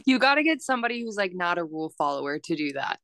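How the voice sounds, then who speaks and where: A woman's voice: fairly low pitch, sing-song, fast talker, gravelly, fairly bright tone. A young woman co-hosting a casual podcast, laughing often and swearing as she chats. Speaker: podcast co-host. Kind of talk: casual chat.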